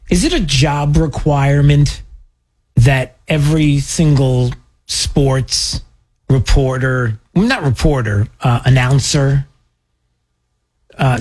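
Animated, husky-voiced male radio host. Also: mid-range voice. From New York. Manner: animated, playful, teasing. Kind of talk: casual radio banter.

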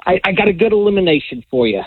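Male caller, animated, higher pitch, thin phone-line sound. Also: very fast, slightly rough, no room sound. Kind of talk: phone-in call.

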